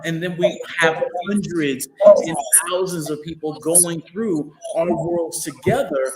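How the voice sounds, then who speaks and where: A man's voice: a little high, slow pace, hardly any pauses, roomy sound, a loud crowd. A man, a guest entrepreneur, talking in a motivational way and repeating phrases for emphasis. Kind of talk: motivational interview talk.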